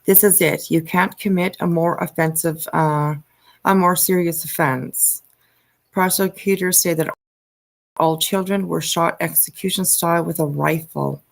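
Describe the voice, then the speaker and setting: A woman hosting a livestream, reading news aloud and commenting in a halting way with frequent ums and uhs. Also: lowish voice, steady tone, creaky. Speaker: livestream host.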